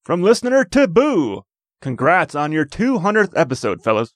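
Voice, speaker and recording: A man's voice: a little high, huge pitch swings, moderate pace. A man co-hosting a casual podcast, bantering and teasing the others. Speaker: podcast co-host.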